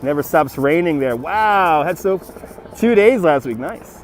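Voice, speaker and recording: A man's voice: on the high side, animated, measured pace, a little hiss or hum. A man from Brooklyn, chatting casually on a livestream outdoors by a city river, reading viewers' messages aloud and thanking donors, on a phone on a gimbal. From Brooklyn, New York. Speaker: livestream host.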